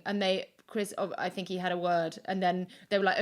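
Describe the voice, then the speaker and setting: A woman in her thirties, a podcast guest recording remotely from home, tells a story casually in a chatty, animated way, full of restarts and acted-out quotes. Her medium-pitched voice moves fast with few pauses.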